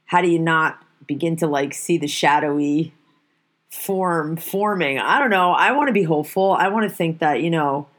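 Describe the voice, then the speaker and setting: A woman's voice: deep voice, moderate pace. A woman in a casual, profane conversation, telling stories and ranting animatedly. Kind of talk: casual chat.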